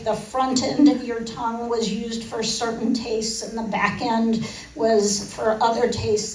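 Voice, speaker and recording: A woman's voice: a little high, a little hiss or hum. A woman giving a casual science talk to a live audience, with many fillers and restarts. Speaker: guest speaker on food science. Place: lecture room. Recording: roomy, distant mic in a hall.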